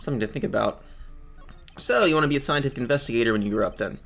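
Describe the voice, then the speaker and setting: A man hosting a let's play races through his commentary in a creaky, mid-range voice, voicing the game and joking casually. Game music plays behind the muffled recording.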